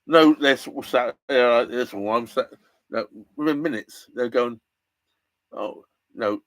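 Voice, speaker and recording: A man from England live-streaming from inside his narrowboat, chatting in a rambling way with restarts and lively bursts. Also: mid-range voice, slow pace, no room sound. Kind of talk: casual live-stream chat.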